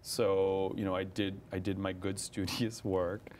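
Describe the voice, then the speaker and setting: Low-voiced chatty actor, laughing often. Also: male voice, measured pace, slight background noise. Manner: animated, laughs often, many restarts. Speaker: actor, interview guest. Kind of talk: casual interview chat.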